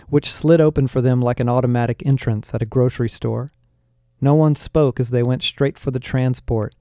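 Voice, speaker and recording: Guy reading an audiobook, steady storyteller, warm low tone, dry recording. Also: no echo. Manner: even, storytelling delivery. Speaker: audiobook narrator. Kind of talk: first-person audiobook narration.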